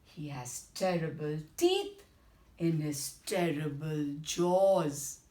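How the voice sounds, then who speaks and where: A woman's voice: low-pitched, slow pace, mellow, voice pushed down. A woman doing a clever little storybook mouse. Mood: boastful. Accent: Indian English. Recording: roomy echo.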